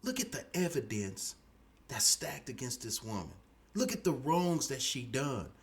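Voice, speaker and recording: Preachy man, hushed to shouting. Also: medium pitch, very animated, unhurried, slightly rough. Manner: starts hushed and intimate, builds to shouting. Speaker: podcast host. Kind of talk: impassioned monologue.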